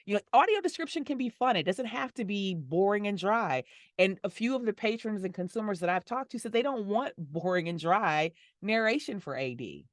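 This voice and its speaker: A middle-aged woman, a voice actor and audio description narrator, answering interview questions in a warm, smiling way and laughing easily. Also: mid-range voice, animated, a little fast, dry recording, studio quality.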